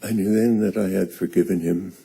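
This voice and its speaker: An older man slowly telling a personal story on stage, halting and earnest. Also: low-pitched, steady tone, creaky, mellow, husky.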